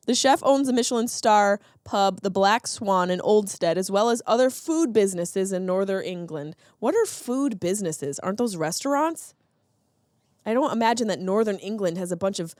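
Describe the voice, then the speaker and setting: A sarcastic woman in her thirties hosts a comedic podcast, riffing on odd news. Her voice sits a little high and animated in pitch. She is recorded close and dry, with no room sound. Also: no echo. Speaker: podcast host. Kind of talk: comedic solo podcast monologue.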